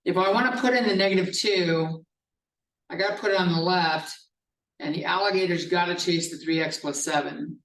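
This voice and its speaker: A man's voice: high-pitched, moderate pace, a bit bright. A male math professor giving a classroom lecture, explaining step by step in a casual style with some swearing. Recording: echoey classroom from a distance.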